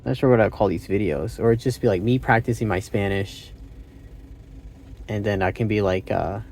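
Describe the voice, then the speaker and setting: Low gravelly-voiced man thinking aloud. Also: moderate pace, darkish tone, a little hiss or hum. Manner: hesitant, thinking aloud, self-correcting. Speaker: channel host. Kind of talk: casual language-practice vlog.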